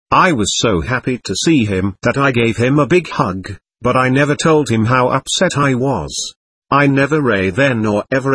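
Husky male audiobook narrator, calm memoir reading, close dry sound. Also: mid-range voice, dry recording. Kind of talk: first-person memoir narration.

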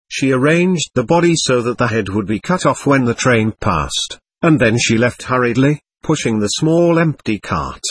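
A man narrating an audiobook in an expressive, animated way. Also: medium pitch, slightly rough, dry recording.

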